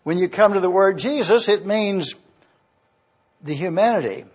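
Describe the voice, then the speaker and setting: A man preaching a sermon, slow and deliberate as he teaches from Scripture and spells out words. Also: sits high, lively intonation, breathy edge, lo-fi sound. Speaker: pastor.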